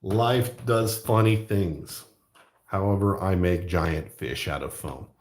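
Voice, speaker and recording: A man's voice: low voice, big pitch swings, drawn-out words, pauses often. A middle-aged man hosting his own channel, rambling jokily in casual chat and laughing often. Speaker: YouTube art channel host.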